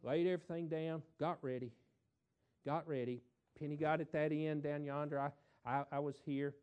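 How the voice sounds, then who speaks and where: A middle-aged man, a preacher telling a folksy story in a sermon, repeating words and swelling louder for emphasis. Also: fairly high pitch, little pitch movement, normal speed, clean tone, lo-fi sound.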